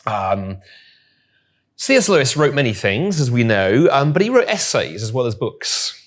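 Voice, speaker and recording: A man's voice: mid-range voice, big pitch swings, measured pace. A man speaking to a live audience, telling a story with wry, humorous asides. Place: room with audience.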